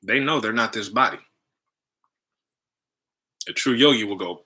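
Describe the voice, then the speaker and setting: A man's voice: lowish voice, a little slow, bright, forceful tone. A man and spiritual teacher telling a story in loose, slangy casual talk, full of "you know" and "right?".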